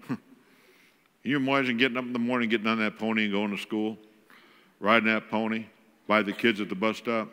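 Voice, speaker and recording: A man's voice: medium pitch, normal speed, long pauses, fairly bright tone, in a large hall. A man giving a folksy, joking talk as a guest speaker in a church. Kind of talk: humorous sermon talk on parenting. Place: church auditorium.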